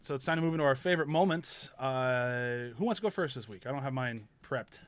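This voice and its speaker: A man hosting a casual podcast, chatty and animated. He laughs often and slips into acting out scenes. The sound is dry with no room to it. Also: medium pitch, brisk, dry recording. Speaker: podcast host.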